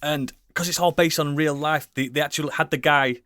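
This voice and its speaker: A man chatting casually as a podcast co-host, rambling and enthusiastic, swearing often and filling pauses with ums and likes. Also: fairly high pitch, steady tone, sharp tone, dry recording, clean studio sound. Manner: rambling, enthusiastic, swears a lot, many fillers. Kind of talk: casual chat.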